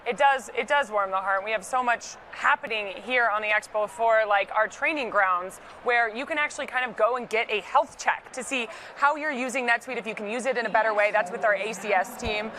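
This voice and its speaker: A woman's voice: on the high side, brisk, few pauses, bright, forceful tone, a little hiss or hum, rough recording. A woman anchoring a live event broadcast from the studio, playful and bubbly in her banter.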